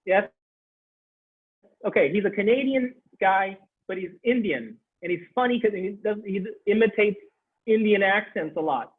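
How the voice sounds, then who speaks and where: A man teaching a Sanskrit class online, animated, repeating phrases and laughing as he explains. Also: high-pitched, moderate pace, slightly rough. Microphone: video call. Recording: tinny video-call audio.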